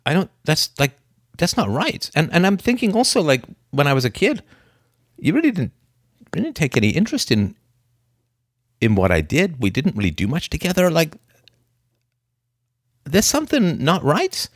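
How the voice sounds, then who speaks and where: A man's voice: mid-range voice, no room sound, clean studio sound. A man playing an adult son confronting his father in a role play, earnest and blunt.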